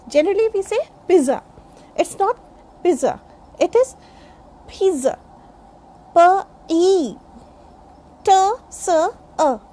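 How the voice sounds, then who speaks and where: A middle-aged woman from India teaching pronunciation, spelling each word out letter by letter in a deliberate way. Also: very high-pitched, darkish tone, a little hiss or hum. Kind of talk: pronunciation lesson.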